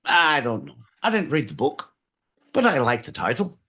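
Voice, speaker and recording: A man's voice: mid-range voice, very animated, moderate pace, sharp tone, slightly rough, voice pushed up, full character voice. A man doing a put-on Irish accent as a rambling storyteller.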